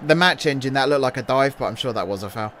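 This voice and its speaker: A young man giving relaxed, chatty commentary over a football management game, thinking aloud between match calls. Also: mid-range voice, fast, slight background noise. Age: young adult. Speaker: gaming YouTuber and streamer. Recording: game music playing under the voice.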